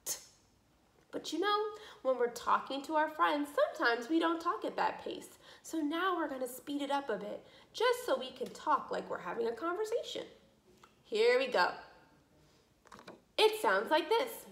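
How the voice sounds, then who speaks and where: A woman leading a speech practice lesson for children, modeling sounds slowly and encouragingly. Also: sits high, sing-song, creaky, a bit bright. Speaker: speech therapist. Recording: echoey room.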